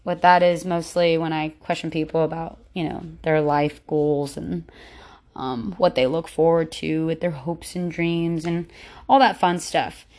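A woman's voice: low voice, steady tone, measured pace, darkish tone. A woman hosting her own solo podcast in a casual, rambling way, with many fillers and restarts. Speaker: podcast host.

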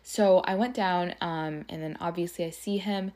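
A young woman hosts a podcast, telling a personal story in a chatty, casual way, swearing often and filling her talk with "like." Her voice is on the low side and a little mellow, with a steady tone and moderate pace.

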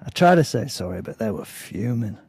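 A man's voice: on the low side, sing-song, brisk, vocal fry, a little mellow, husky, dry recording, clean studio sound. A man telling a story in a casual, blunt way, swearing freely.

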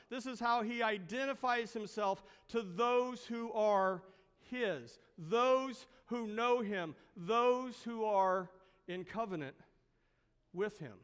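Pastor guy preaching slow, lots of drawn out words and "do you see this?" questions, church hall echo. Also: very high voice, fairly bright tone, clean tone. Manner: emphatic, drawn-out phrasing with rhetorical questions. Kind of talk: sermon.

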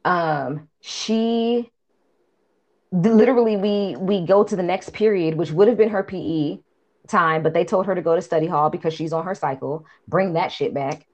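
A woman's voice: lowish voice, normal speed. Woman animatedly recapping a movie. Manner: animated, profane storytelling. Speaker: podcast co-host. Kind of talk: casual movie recap chat.

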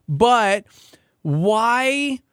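Man, radio co-host, teasing, playful, expressive pitch, dry sound. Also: very slow, clear, resonant tone, no room sound. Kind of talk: casual radio banter.

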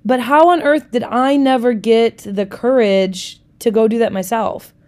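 A young woman from the United States hosting a solo podcast, talking in a chatty, candid way with frequent swearing and lively asides. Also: on the high side, unhurried. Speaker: podcast host. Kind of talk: casual solo podcast chat.

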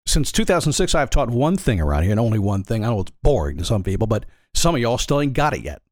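A man's voice: mid-range voice, sing-song, fast, no room sound, studio quality. A man giving a blunt, emphatic motivational monologue in a folksy, preaching way. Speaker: motivational speaker.

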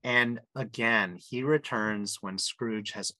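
A man's voice: fairly low pitch, slow, sharp tone, no echo, poor audio. A man hosting a casual chat, retelling a comic story with enthusiasm and asking his co-hosts for their takes. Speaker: podcast host.

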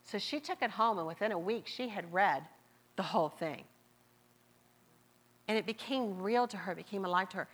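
Southern woman preacher, mid pitch, slow emphatic repeats, sermon delivery. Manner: repeats phrases, drawn-out emphatic words.

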